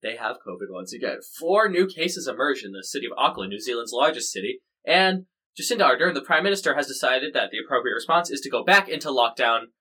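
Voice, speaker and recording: Lively, bright-voiced American man. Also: medium pitch, fast talker, hardly any pauses, breathy edge, low-quality recording. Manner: chatty, jokey, rambling explainer. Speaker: podcast co-host. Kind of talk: casual news podcast chat.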